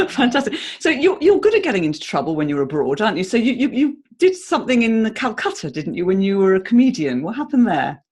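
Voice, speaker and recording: A woman hosting an interview who asks questions in an expressive, teasing way. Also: mid-range voice, a little fast, slightly rough. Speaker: podcast host.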